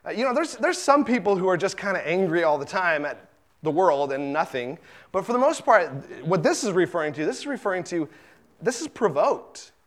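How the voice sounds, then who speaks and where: A middle-aged man preaching a sermon in a relaxed, conversational way, often repeating words and acting out the lines he quotes. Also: high voice, fairly quick. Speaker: pastor.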